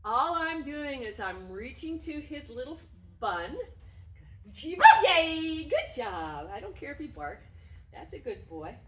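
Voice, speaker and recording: A woman dog trainer explaining and demonstrating games with her dog, breaking into loud, effusive praise. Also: high-pitched, very animated, normal speed. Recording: roomy sound from a distance.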